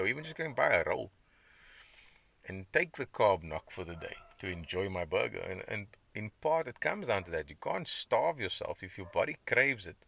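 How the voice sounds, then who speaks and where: A man's voice: on the low side, gravelly, bright, forceful tone. A man hosting his own podcast, talking in a rambling, conversational way and reacting to chat comments. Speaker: podcast host. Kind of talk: casual diet podcast monologue.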